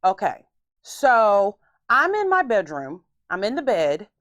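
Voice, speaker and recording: A woman hosting a podcast tells stories in a casual, animated and theatrical way. Her voice is mid-range and slow, and the recording has no room sound, with the highs cut off.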